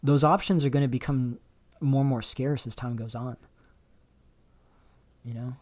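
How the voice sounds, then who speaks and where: A man's voice: medium pitch, steady tone, normal speed, a little mellow. A man hosting a casual livestream, rambling through chat questions with many fillers and restarts. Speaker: livestream host. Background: dog barking faintly.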